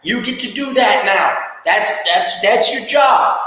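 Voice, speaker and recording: A man's voice: sits high, animated, slow, pushed and bright. A man hosting a podcast, giving blunt, profane career advice in a casual rant. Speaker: podcast host. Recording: echoey room with long reverb.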